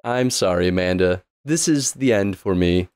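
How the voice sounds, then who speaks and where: A man's voice: sits low, moderate pace, a little mellow, smooth, pitched below the performer's own voice, close to an everyday voice. Man playing a melodramatic lazy dad. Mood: mock-dramatic. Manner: mock-dramatic. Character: lazy, theatrical single dad.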